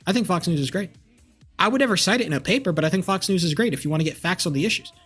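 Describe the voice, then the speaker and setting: A man's voice: high-pitched, animated, racing, fairly bright tone, breathy edge, faint music behind. A man in his twenties, a streamer, ranting angrily at his live chat with lots of swearing and repetition. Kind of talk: heated rant to live chat.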